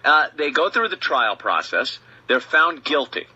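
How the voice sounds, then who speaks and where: A man hosting a radio talk show, telling stories in an animated way and acting out little scenes, heard over a muffled lo-fi radio broadcast. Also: on the high side, measured pace, husky. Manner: animated storytelling with acted-out bits. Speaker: radio host.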